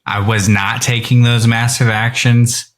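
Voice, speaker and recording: A man's voice: mid-range voice, flat delivery, measured pace. A man in his thirties hosting a podcast, talking in an earnest, casual way and swearing now and then. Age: 30s. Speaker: podcast host. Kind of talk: casual interview chat.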